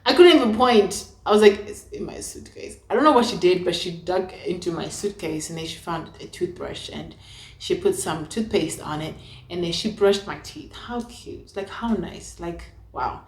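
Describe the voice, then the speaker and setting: A woman's voice: expressive, normal speed. A young woman telling a personal story to camera in a chatty, dramatic way. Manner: chatty, dramatic, acts out her own past lines with big pitch jumps. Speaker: vlogger. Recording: echoey room.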